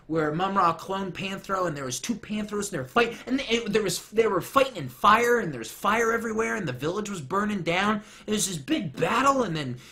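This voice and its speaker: A young man chatting through a casual commentary with a bright, forward tone. His pitch swings all over as he rambles and jokes. He keeps wandering off on tangents. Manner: rambling, jokey, goes off on tangents. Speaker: commentary host.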